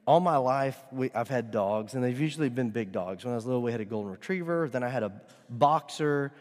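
A man's voice: mid-range voice, lively intonation, fairly quick. Earnest preaching man in a reverberant hall. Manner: earnest, building to loud emphatic stretches. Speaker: pastor. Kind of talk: sermon.

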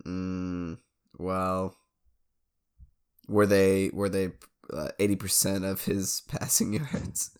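A man with a fairly low voice co-hosting a podcast in loose, casual chat. He laughs easily and hypes up the upcoming segments. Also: steady tone, slow pace, long pauses, darkish tone, clean tone. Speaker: podcast co-host.

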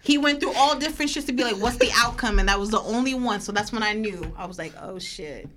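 Young woman, podcast co-host, casual chat, animated storytelling. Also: on the high side, quick pace, over loud music.

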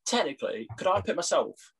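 A man's voice: fairly high pitch, sing-song, fairly quick, gravelly, husky. A young English man co-hosting a casual sports podcast, joking and laughing often. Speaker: podcast co-host. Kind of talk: casual chat.

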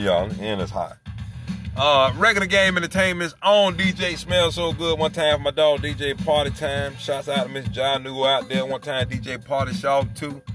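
A man hosting an internet radio show, riffing in a profane, rambling comedic monologue and laughing at his own jokes. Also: medium pitch. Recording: music playing underneath. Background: music.

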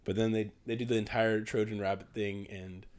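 A man's voice: fairly low pitch, level tone, brisk, darkish tone, smooth. A man in casual conversation, retelling comedy film scenes with frequent laughter and rambling restarts. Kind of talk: casual movie discussion.

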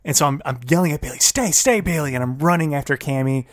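A man co-hosting a casual podcast, recounting a story with lively self-quoting. The sound is dry and close to the mic. His voice sits at a middling pitch. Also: rapid-fire, no room sound. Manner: animated storyteller who acts out his own quotes. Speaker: podcast co-host. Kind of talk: casual chat, telling a story.

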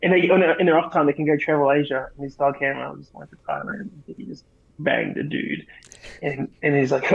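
A man's voice: fairly high pitch, a little fast, gravelly. A man co-hosting a podcast, swearing as he rambles through army anecdotes. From Australia. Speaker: podcast co-host, army veteran. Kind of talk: casual storytelling. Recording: dull lo-fi recording.

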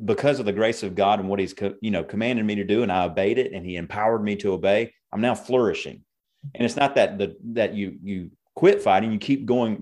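This pastor and co-host speaks in a fairly low, slightly mellow voice. His conversational ministry talk is earnest and preacherly, and he quotes scripture as he goes.

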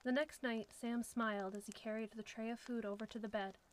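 A woman narrating a suspenseful story in a steady storytelling manner. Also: on the high side, brisk, low-quality recording.

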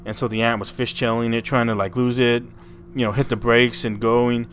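A man's voice: mid-range voice, little pitch movement, moderate pace, fairly bright tone, slight background noise. A man hosting a podcast, telling a story in a rambling, casual way, stumbling over and repeating his words and swearing freely. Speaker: podcast host.

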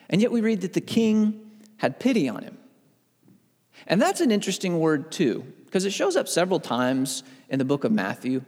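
A man in his thirties giving a conversational Bible teaching, telling personal stories in an animated way that builds up steam. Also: sits high, moderate pace, in a large hall. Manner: animated storyteller who gets worked up. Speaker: podcast host teaching on faith.

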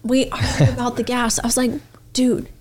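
A woman's voice: on the high side, level tone, normal speed, darkish tone. A woman co-hosting a casual podcast, speaking in an emphatic and earnest way. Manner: emphatic and earnest, talks about breathing and rituals.

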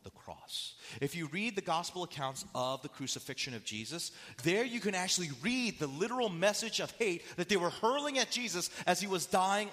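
A man's voice: on the high side, fairly bright tone, long reverb tail. A man preaching a sermon, asking the audience rhetorical questions and acting out quotes with dramatic shifts. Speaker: pastor.

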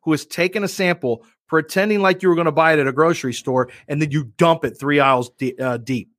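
Podcast guy telling a story, fairly high voice, swears a lot, dry close sound. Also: quick pace, no room sound. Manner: animated, profane, self-mocking storyteller. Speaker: podcast and radio host. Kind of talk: casual chat, storytelling.

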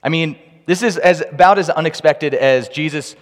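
A man preaching a sermon with humorous, animated storytelling, recorded in a large hall with long reverb. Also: on the high side, moderate pace. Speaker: pastor.

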